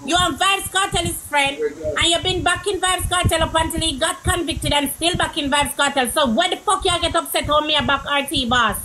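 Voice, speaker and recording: A woman's voice: high voice, fairly quick, bright, forceful tone. A woman in casual live-stream chat, talking bluntly and heatedly and swearing freely. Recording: noisy live-stream audio.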